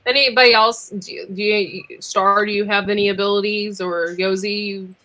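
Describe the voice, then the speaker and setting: Bright-voiced woman hosting a chat. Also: mid-range voice, fairly even intonation, normal speed, low-quality recording. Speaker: talk show host. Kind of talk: casual chat.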